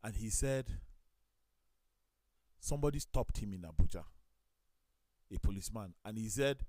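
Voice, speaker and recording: Nigerian male talk-show host and pastor, animated storyteller, close dry studio mic. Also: on the low side, normal speed, dry recording. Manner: storytelling, acts out quoted voices, lively. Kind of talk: studio talk show chat, telling anecdotes.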